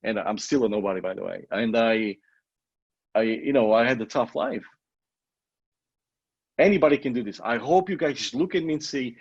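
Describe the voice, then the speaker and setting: A man's voice: medium pitch, moderate pace, darkish tone, slightly rough, dry recording. A middle-aged man with a foreign accent, English not his first language, giving an emphatic motivational coaching talk that repeats points and swears casually. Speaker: online marketing coach. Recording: dull lo-fi audio.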